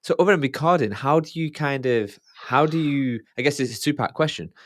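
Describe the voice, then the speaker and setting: A man's voice: mid-range voice, brisk, dry recording, studio quality. A man hosting a podcast, asking rambling, self-correcting questions in casual talk. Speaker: podcast host.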